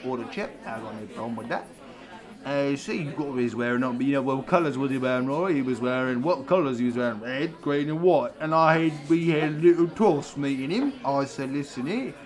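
A man's voice: fairly quick, crowd noise, natural voice. A man voicing a brash young male English pub lad with a put-on English accent, rambling and boastful. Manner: boastful rambling, high-pitched.

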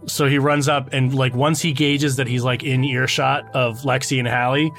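A man's voice: medium pitch, flat delivery, creaky, fairly bright tone, soft background music. Man narrating his tabletop game character. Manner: casual, halting, with "uh" and "um". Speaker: player.

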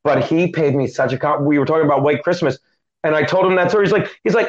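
As an interview guest, a high-voiced male comedian tells a story with animated, quick joking delivery and acted-out quotes. The sound is dull and lo-fi.

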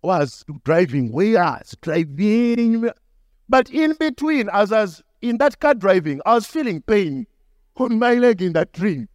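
A man's voice: unhurried, no echo, studio quality. A young adult male pastor, telling a story in a sermon and acting out the voices in it. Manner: animated, acts out dialogue with shifting pitch.

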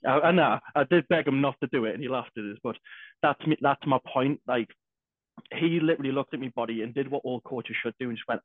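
A man's voice: medium pitch, fairly quick, no room sound. Man, casual podcast chat, swears a lot, tinny phone-like sound, dry. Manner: heavy swearing, energetic, restarts. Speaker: podcast co-host.

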